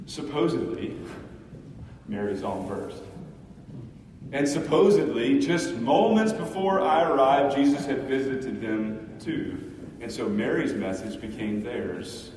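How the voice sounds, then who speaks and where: A man preaching a dramatic first-person sermon monologue, impassioned, swinging between hushed and loud. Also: mid-range voice, expressive, a little slow, noisy background. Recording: echoey hall, mic far off.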